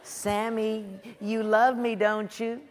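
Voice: medium pitch, flat delivery, lightly acted. Preacher putting on Delilah, a coaxing temptress. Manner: soft, wheedling and drawn-out. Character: coaxing seductive woman, Delilah. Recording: long reverb of a large hall.

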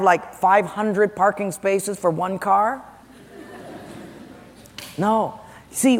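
Fairly high-voiced pastor in an echoing church. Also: male voice. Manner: conversational, questioning the congregation, joking. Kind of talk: sermon. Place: large church sanctuary. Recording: long church hall reverb.

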